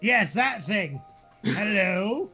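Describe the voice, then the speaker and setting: A man's voice: sits high, very animated, extremely slow, sharp tone, soft background music, full character voice. A man voicing a cheerful, carefree drunk male dwarf adventurer, in slightly muffled lo-fi audio. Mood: tipsy. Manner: jovial, carefree.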